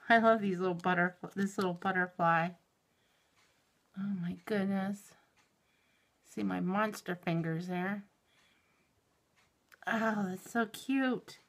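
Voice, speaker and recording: A middle-aged woman opening a mail package in a home vlog, gushing and giggling, shaky with excitement. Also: mid-range voice. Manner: gushing and giggly, exclaims often. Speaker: YouTube reviewer. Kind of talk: unboxing vlog.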